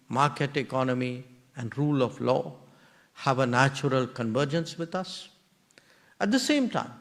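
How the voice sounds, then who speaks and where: In a voice on the high side, an Indian-accented man presents a formal memorial lecture. He proceeds carefully, phrase by phrase, in short, deliberate clauses.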